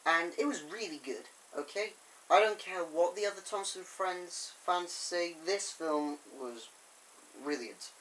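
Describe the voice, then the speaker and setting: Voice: medium pitch, a little slow, a bit bright, a little hiss or hum, low-quality recording. Rambling fan reviewer. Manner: enthusiastic, chatty, with many fillers. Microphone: camera on a tripod.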